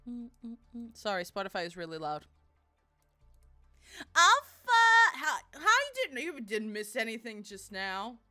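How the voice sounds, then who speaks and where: A woman's voice: medium pitch, sing-song, normal speed, few pauses, bright, forceful tone. A woman streamer chatting casually with her friends and viewers, giggly, playful and teasing. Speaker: live streamer. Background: faint music playing.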